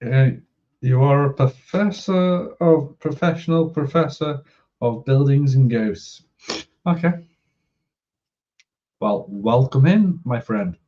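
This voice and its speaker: A man's voice: medium pitch, slow pace, pauses often, muffled recording. A man in his thirties hosting a casual chat, laid-back, laughing and swearing freely. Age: 30s.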